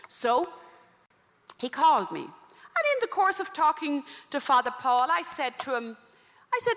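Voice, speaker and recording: A woman's voice: high voice, a little slow, pauses often, long reverb tail. A Catholic religious sister preaching and telling faith stories, acting out the people she quotes. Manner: animated storytelling, acts out the people she quotes.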